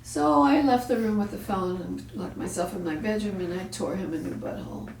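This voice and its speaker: A woman with a mid-range, creaky voice speaks fairly quickly amid background noise, recorded far from the mic in an echoey room. She hosts a parenting show, telling a story bluntly and with profanity while acting out the voices she quotes.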